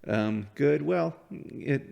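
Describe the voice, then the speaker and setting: A man's voice: fairly high pitch, very slow, gravelly. A man co-hosting a podcast, reviewing a film in casual chat and laughing often. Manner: laughs often, animated impressions. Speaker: podcast co-host.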